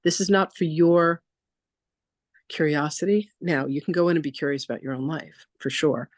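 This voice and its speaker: A woman spiritual teacher leading a masterclass, telling stories in a chatty, animated way with lots of casual fillers. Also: low-pitched, moderate pace, dry recording, studio quality. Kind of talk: casual storytelling lecture.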